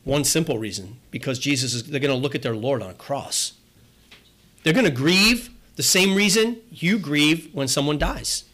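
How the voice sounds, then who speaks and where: A man's voice: a little high, lively intonation, moderate pace, a bit bright. A man preaching a sermon as pastor, talking in a conversational way, repeating phrases and acting out little asides.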